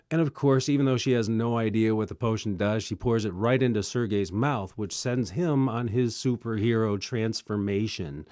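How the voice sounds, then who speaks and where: Young male reviewer, sarcastic and lively, dry close-miked delivery. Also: medium pitch, dry recording. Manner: sarcastic, animated, quick asides. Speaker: movie reviewer host. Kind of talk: casual sarcastic movie review.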